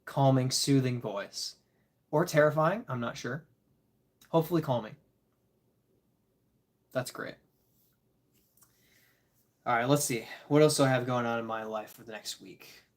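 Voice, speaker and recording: A tired man casually chatting with his live-stream audience, chuckling and rambling as he reads the chat. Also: mid-range voice. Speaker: disc golf livestreamer reading chat.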